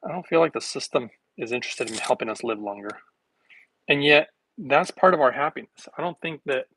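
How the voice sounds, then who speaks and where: A man's voice: mid-range voice, fairly bright tone, slight background noise, low-quality recording. A middle-aged man from the United States chatting casually to his viewers at home. He rambles, chuckles often and pokes fun at himself. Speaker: vlogger.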